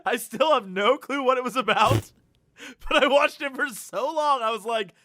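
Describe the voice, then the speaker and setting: A man co-hosting a casual podcast, his voice sitting high and sounding bright and forceful. He tells stories animatedly and laughs often. The mic is close and dry, with no room sound. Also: normal speed, no room sound. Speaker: podcast co-host. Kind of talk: casual chat.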